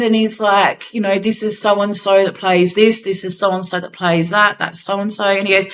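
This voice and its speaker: A woman's voice: medium pitch, fairly even intonation, moderate pace, hardly any pauses, a bit bright, low-quality recording. A young Australian woman co-hosting a podcast, telling a gig story in casual chat, acting out quotes and swearing casually. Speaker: podcast co-host.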